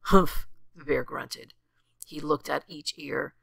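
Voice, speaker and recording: Creaky-voiced older woman reading rhymes. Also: low voice, slow, no echo. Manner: expressive, sing-song rhythm. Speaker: storyteller. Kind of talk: reading a rhyming storybook aloud.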